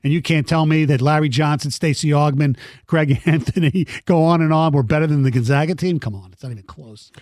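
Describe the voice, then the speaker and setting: A man's voice: on the high side, a little fast, hardly any pauses, darkish tone, no room sound, clean studio sound. A man hosting sports talk radio, reading listener texts aloud and answering them emphatically.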